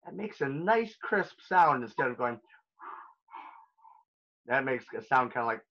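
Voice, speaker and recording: A man's voice: mid-range voice, sing-song, unhurried, fairly bright tone, muffled recording. A man teaching a recorded elementary music lesson, upbeat and playful as he talks straight to young children.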